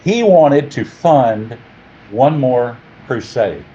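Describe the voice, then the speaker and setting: A man's voice: medium pitch, very slow, muffled recording, background noise. Jokey man lecturing a class. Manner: jokey, animated, quizzes the class. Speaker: teacher.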